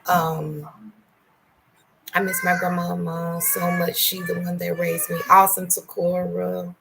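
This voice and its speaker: A middle-aged woman hosting a casual livestream from home, greeting viewers by name and speaking candidly, softer and slower on painful memories. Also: lowish voice, level tone, vocal fry, background noise. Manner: greets and thanks viewers by name between stories. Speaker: livestream host. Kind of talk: casual live-stream chat.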